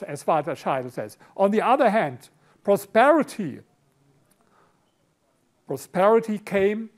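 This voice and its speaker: A middle-aged man from Berlin with a German accent, lecturing a conference audience, halting and repeating words, often clearing his throat. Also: sits high. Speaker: conference speaker. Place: conference hall.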